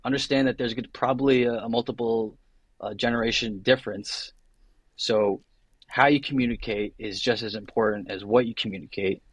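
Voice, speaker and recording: A man's voice: mid-range voice, steady tone, fairly quick, slightly rough, no room sound. Young man, podcast guest, chatty, rambling tangents, dry close sound. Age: young adult. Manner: chatty, full of tangents and acted-out quotes. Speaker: guest attorney. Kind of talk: casual podcast chat.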